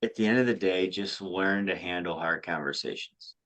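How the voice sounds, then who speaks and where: A man who coaches high school softball, co-hosting a casual podcast chat, often restarting his sentences. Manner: halting, repeats words when starting sentences.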